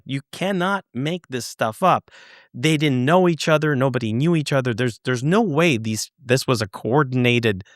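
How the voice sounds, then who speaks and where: A man telling a story as a podcast guest, animated, swearing and repeating words for emphasis. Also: medium pitch, no echo, studio quality. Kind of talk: casual storytelling.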